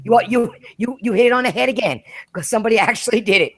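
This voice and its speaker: A woman hosting a casual podcast chat, blunt and relaxed, cursing freely. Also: a little high, quick pace, dry recording. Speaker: podcast host.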